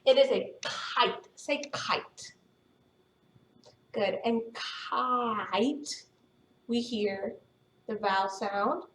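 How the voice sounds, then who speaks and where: Patient woman phonics teacher, unhurried and encouraging, heard from a distance. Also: fairly high pitch, fairly bright tone, a little hiss or hum. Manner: patient, encouraging, sounds words out slowly. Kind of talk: phonics lesson to young students. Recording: echoey room, voice from a distance.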